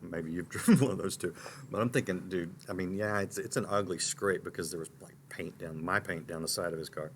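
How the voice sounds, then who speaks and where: A middle-aged man hosting a talk show, telling a personal story in an animated way with restarts and asides. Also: low voice, a little fast, slight background noise.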